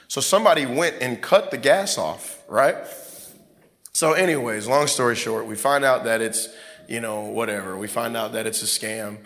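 A pastor telling a story in a loose, conversational sermon, full of fillers and asides. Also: male voice, mid-range voice, a bit bright. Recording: long hall reverb.

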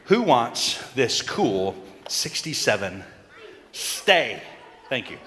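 A man giving a lively children's sermon, coaxing and calling out to the kids in a church. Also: medium pitch, takes it slowly, slight background noise. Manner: animated, coaxing, calls out to the kids. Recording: long reverb in a large hall, faint crowd.

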